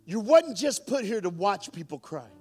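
A man's voice: high voice, normal speed, slightly rough, faint music behind. A middle-aged man preaching a storytelling sermon to a live congregation, joking and calling out to the audience. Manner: animated, joking, calls out to the audience. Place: church hall with audience.

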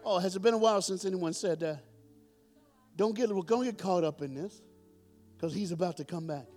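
A male preacher with a high voice delivers a sermon in church. He calls on the congregation to answer back and builds toward loud climaxes. A faint musical bed runs underneath. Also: moderate pace, soft background music. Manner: call-and-response preaching, swelling to loud climaxes. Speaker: pastor.

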